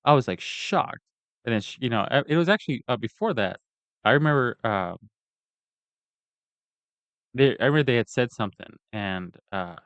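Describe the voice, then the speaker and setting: A man's voice: mid-range voice, lively intonation, normal speed, long pauses, a bit bright, no echo. A man ranting in a casual, profane and rambling way as he tells a personal story. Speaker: vlogger giving a personal account. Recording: dull lo-fi dry recording.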